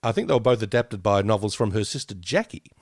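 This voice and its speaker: A man's voice: on the low side, fast, no room sound, clean studio sound. A man co-hosting a podcast who rambles in a jokey way and keeps correcting himself. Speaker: podcast co-host. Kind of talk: casual review chat.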